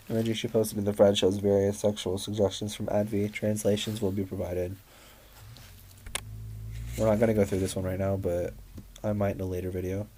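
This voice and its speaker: A man's voice: on the low side, mellow. A man reacting with outrage, stammering and swearing as he reads out screenshots. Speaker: commentary YouTuber.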